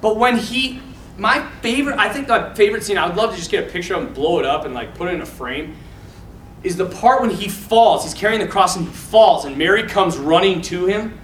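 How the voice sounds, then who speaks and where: Casting note: man with a high, bright voice, animated preacher to young men, echoey room from far off. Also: brisk, slight background noise. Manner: animated, casual, quotes scenes with feeling. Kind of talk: informal talk to young men.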